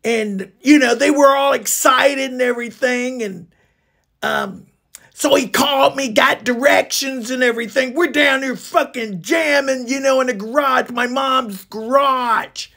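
Casting: man as a burnout rock band leader, high gravelly voice, rambling and swearing nonstop. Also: unhurried, sharp tone. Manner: rambling, swears constantly, ends phrases with "man". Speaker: comedic character monologue. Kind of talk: comedic storytelling monologue.

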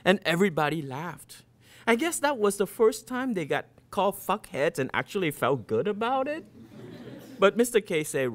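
A man's voice: high voice, very animated, moderate pace. Man in his fifties reading a story. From Vietnam. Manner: first-person storytelling in a boy's voice. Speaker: author. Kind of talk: reading fiction aloud.

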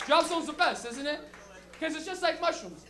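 A young comic whose voice is very high and bright tells crude, slangy stories in a loose, animated style at a comedy club, keeping a moderate pace.

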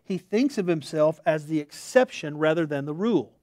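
A man's voice: a little high, lively intonation, moderate pace, a little mellow, no echo, studio quality. A middle-aged man, a pastor, preaching a sermon in a storytelling, self-deprecating way that mixes humor into his points.

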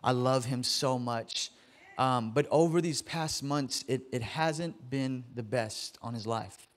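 A man's voice: medium pitch, slow. A man in his thirties preaching a casual, joking sermon to his congregation in a church, often stammering and repeating words. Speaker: pastor. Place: church sanctuary.

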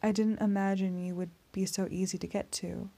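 A woman voicing a suave male vampire in an audiobook, speaking in a soft, courteous, menacing purr. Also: mid-range voice, flat delivery, a little fast, vocal fry. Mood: silky menace. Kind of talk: audiobook character reading.

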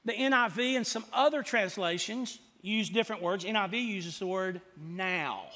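A man's voice: high voice, normal speed, bright, forceful tone. Man, pastor, sermon, folksy, rhetorical questions, long church reverb. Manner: folksy, asks the room questions and answers himself. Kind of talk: expository sermon. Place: church sanctuary.

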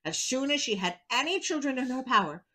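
Woman with a lively storytelling voice. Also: sits high, fairly quick, low-quality recording. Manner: wry, chatty asides between narration. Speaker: storyteller host. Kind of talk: storybook reading with comic asides.

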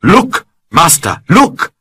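A man's voice: on the high side, expressive, slow pace, a bit bright, dry recording, pitched above the performer's own voice, exaggerated voice. A man voicing a young, loyal island companion in a storybook reading, speaking in simple, pleading phrases. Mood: excited.

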